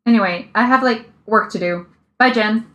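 A woman's voice: on the high side, moderate pace, fairly bright tone, natural voice. A woman reading a story aloud, voicing a flustered, oblivious young man who stammers and hesitates.

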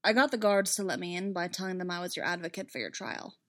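A woman's voice: on the low side, animated, quick pace, close to an everyday voice. A woman reading aloud, voicing a grim male Jedi knight in a wry, clipped, urgent way. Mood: tense. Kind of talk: fan fiction read aloud.

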